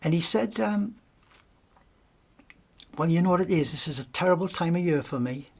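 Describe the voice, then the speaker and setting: A middle-aged man with a Geordie accent giving a gentle, reflective devotional talk, often restarting his sentences. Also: a little high, expressive, moderate pace, vocal fry. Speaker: speaker giving a weekly message.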